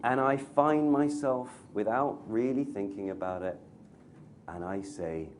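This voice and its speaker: A man's voice: on the low side, measured pace, background noise. A man from North Wales telling an anecdote to teachers as an actor and voice coach, laughing often as he goes. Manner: lively storyteller who laughs often. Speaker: actor and voice coach guest speaker.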